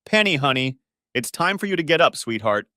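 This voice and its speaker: Man putting on a fussy mom, higher voice, sing-song, dry sound. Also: very animated, brisk, pushed and bright, no room sound, heavily acted. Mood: coaxing. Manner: coaxing, motherly. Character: fussy doting middle-aged mother.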